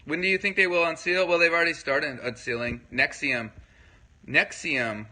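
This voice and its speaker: Livestream host, male, very bright and fairly high voice, loose rambling delivery, constant "okay?" check-ins. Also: steady tone, moderate pace, rough recording. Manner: rambling, filler-heavy, keeps checking in with listeners. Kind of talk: casual livestream talk, answering viewer comments.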